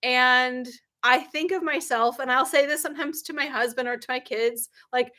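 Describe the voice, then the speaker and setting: Hosting her livestream at a moderate pace, a bright-voiced woman business coach shares anecdotes with plenty of ums and laughs. Candid and sarcastic, she performs the quoted dialogue with big leaps in pitch.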